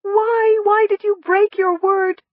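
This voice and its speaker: A woman voicing a frightened alien in a tiny childlike female body, with a high, reedy, trilling voice and a breathless, pleading manner. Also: little pitch movement, takes it slowly, dry recording. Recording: dull, dry lo-fi audiobook recording.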